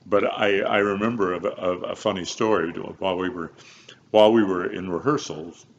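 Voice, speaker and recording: Very deep-voiced older man reminiscing. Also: fairly even intonation, moderate pace, creaky. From Kansas, USA. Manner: rambling, many fillers and restarts, frequent chuckles. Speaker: opera bass telling career stories. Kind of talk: relaxed interview storytelling. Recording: slightly dull, faint background hiss.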